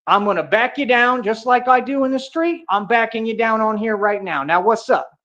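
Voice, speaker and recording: A man with a high-sitting voice and sharp tone rants at a moderate pace on a livestream, confrontational and boastful, packed with street slang, "bro" and "real talk." The stream audio is dull and lo-fi.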